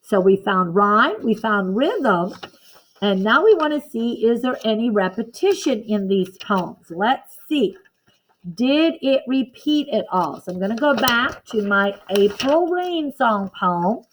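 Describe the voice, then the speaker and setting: Woman teacher, slow and patient, fairly high voice, classroom lesson to children. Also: lively intonation, rough recording. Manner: slow, patient and encouraging, counting beats aloud.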